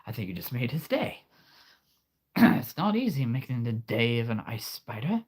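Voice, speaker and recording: A man's voice: mid-range voice, very animated, normal speed, husky. A man with a sore throat hosting a casual livestream chat in an easygoing way. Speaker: livestream host. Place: home livestream.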